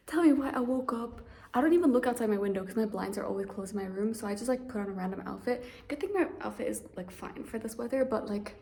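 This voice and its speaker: A young adult woman vlogging in a casual, chatty way, ranting and getting excited, with lots of fillers. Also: a little high, quick pace, vocal fry, breathy edge. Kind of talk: casual vlog chat.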